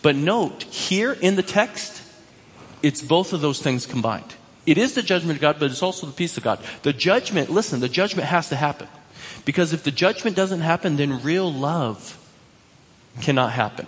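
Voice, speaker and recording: A man with a slightly high, husky voice preaches with animated emphasis, circling back to repeat his key lines. His words ring out with a long reverb, as in a large hall. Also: normal speed. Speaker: pastor. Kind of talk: sermon.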